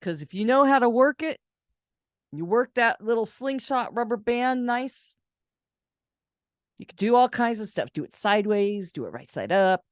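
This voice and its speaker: A woman's voice: moderate pace, no room sound, clean studio sound. A woman caregiver telling a personal story in a casual vlog, acting out the voices in the dialogue she quotes. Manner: animated, acts out quoted voices in a higher pitch. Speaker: caregiver and channel host.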